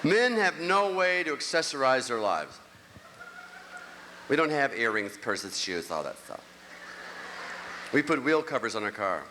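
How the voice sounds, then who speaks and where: A man in his sixties doing a stand-up comedy routine on a theater stage, ranting animatedly and swinging between grumbling and squeaky outbursts. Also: big pitch swings, measured pace, pauses often, bright, forceful tone. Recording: echoey hall, clear crowd noise. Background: audience.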